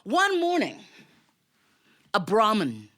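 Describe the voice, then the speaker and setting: A woman's voice: medium pitch, slow. A woman telling a family story live, chatty and quizzing her audience. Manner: lively, chatty, asks the audience questions. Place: recording studio with live audience.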